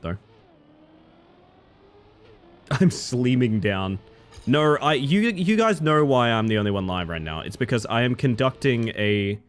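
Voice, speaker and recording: Playful man with a lively, swooping voice. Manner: playful, reads chat aloud and jokes, swings between excited yelps and low mutters. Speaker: live streamer. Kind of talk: casual live-stream chat while gaming.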